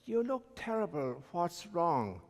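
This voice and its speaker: A man putting on a sympathetic bar friend, his voice pitched up and softened as he consoles. Slow speech with a long church echo behind it. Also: very animated, exaggerated voice.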